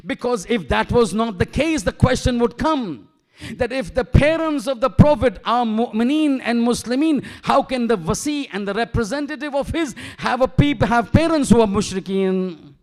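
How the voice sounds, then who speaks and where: High-voiced man preaching emphatically. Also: expressive, normal speed, darkish tone. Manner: emphatic, rhetorical questions, Arabic terms and verses. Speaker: shaykh giving a majlis lecture. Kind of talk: sermon. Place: mosque.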